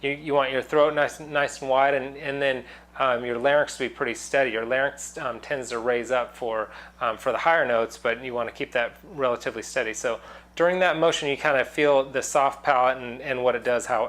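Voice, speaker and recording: A man's voice: mid-range voice, brisk. Male vocal coach, mid-range voice, easygoing and rambling, teaching casually to camera. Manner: relaxed, rambling explanations with many fillers and demonstrations. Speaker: singing teacher. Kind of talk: casual online singing lesson.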